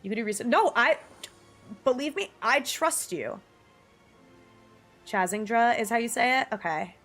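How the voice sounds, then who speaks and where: A young woman in her twenties streaming, chatting casually with viewers in a bubbly, giggly way, her pitch jumping up often. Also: expressive, measured pace, fairly bright tone. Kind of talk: casual livestream chat reading viewer messages. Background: faint music.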